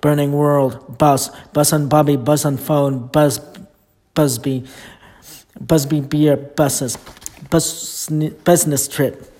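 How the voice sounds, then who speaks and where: A man recites a long alphabetical list of titles, one item at a time. His delivery is steady and list-like, with almost no rise or fall in pitch. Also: takes it slowly. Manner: flat, steady list reading.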